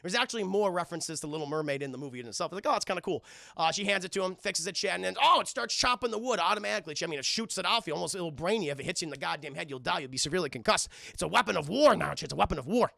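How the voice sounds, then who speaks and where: A man casually recapping a film to his live chat, rambling and swearing with animated asides. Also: high-pitched, rapid-fire, gravelly, few pauses, no room sound, studio quality. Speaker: streamer film reviewer.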